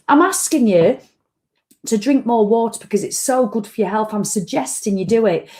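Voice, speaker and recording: A woman's voice: a little high, expressive, unhurried, pauses often, dark tone. A tired woman, ranting bluntly and swearing freely as she hosts a casual live-stream chat. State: tired after a run. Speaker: vlog host.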